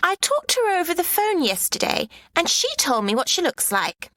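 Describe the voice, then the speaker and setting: A stern, weary mother and diplomat's wife, as a woman reader puts her on. Her high voice leaps up and down, and the sound is dry and close. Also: very animated, moderate pace, a bit bright, no echo, exaggerated voice. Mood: eager. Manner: scolding, stern.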